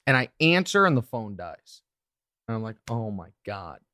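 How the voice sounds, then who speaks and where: A man in his thirties hosting a casual podcast, telling stories with quick asides. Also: on the low side, dry recording, studio quality. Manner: animated storyteller, quick asides. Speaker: podcast host.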